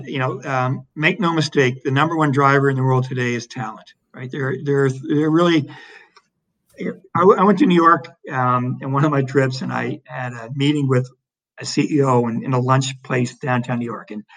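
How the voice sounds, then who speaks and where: A man's voice: mid-range voice, normal speed, rough recording. A man being interviewed, talking conversationally with lots of restarts and fillers. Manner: animated storytelling with frequent restarts and fillers. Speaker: interview guest, economic development leader.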